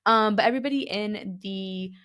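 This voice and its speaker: A woman's voice: mid-range voice, normal speed, a bit bright. A young woman co-hosting a casual podcast, reading a story aloud and then chatting about it with a lot of "like" and some disbelief. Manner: chatty, fillers like "like", reacts with disbelief. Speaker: podcast co-host.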